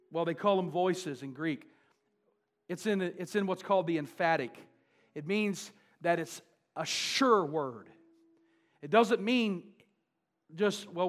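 A preacher man with a somewhat high voice. He leans hard on emphasis, repeating words over and over to hammer his point home in full sermon delivery. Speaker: pastor.

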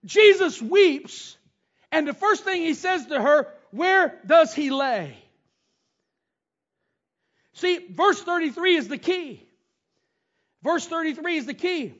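A man's voice: very high voice, animated, slow, pauses often, fairly bright tone. A middle-aged man preaching a sermon, reading scripture and telling stories from family life. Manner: storytelling, reads scripture aloud and retells it. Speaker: pastor. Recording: dull lo-fi sound.

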